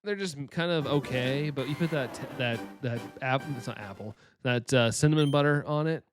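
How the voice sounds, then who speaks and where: A man with a light Southern US accent, casually chatting with his stream's viewers, upbeat and quick to laugh. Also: medium pitch, music in the background. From Southern United States. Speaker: live-stream host. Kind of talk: casual live-stream chat, reading chat.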